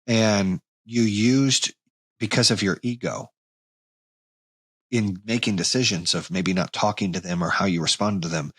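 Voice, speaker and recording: Fairly low-pitched and slightly rough, this man in his forties speaks at a measured pace on his podcast. His motivational monologue is blunt and casually profane, growing animated when he reenacts anger. The audio has no echo.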